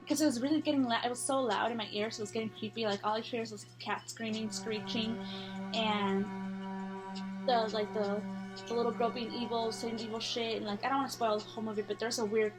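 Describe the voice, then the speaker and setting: A woman's voice: fairly high pitch, steady tone, fairly quick, over loud music. Rambling young woman telling a scary story. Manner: rambling, heavy fillers and swearing. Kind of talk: casual storytelling.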